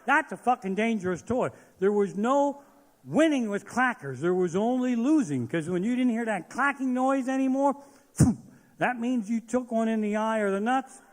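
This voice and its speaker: A stand-up comedian with a very high, lively voice rants crudely on a live theater stage, swearing constantly at a moderate pace. A long hall reverb hangs over the recording.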